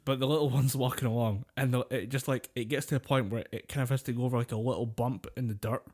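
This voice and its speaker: A man's voice: medium pitch, steady tone, quick pace, darkish tone. A man co-hosting a podcast, telling long rambling stories in casual chat, swearing freely and laughing often. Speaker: podcast co-host.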